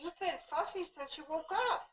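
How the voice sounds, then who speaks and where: A woman's voice: extremely high pitch, animated, normal speed, fairly bright tone. A woman filming her small children at home, talking to them in a playful, coaxing way. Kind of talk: home video chat. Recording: roomy home video from far off.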